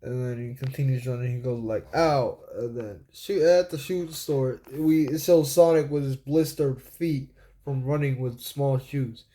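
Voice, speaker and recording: A man's voice: mid-range voice, steady tone, measured pace, mellow. A man casually walking through a comic he made, rambling and stringing scenes together with "and then". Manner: rambling, repeats "and then" a lot. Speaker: comic creator. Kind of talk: casual storytelling walkthrough.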